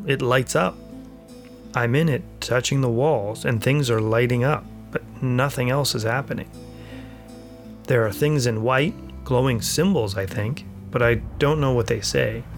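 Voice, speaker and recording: Male host reading a first-person story aloud, measured and plain, mid-range voice, faint music bed. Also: medium pitch. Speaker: podcast host. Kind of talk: scripted first-person narration.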